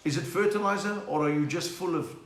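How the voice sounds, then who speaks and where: A South African comedian chats and puns through a home live stream, reading out viewers' names. His voice sits a little high. The room is echoey. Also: fast talker, slight background noise. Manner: chatty, punning, reads out viewer names. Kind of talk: casual joke-telling live stream.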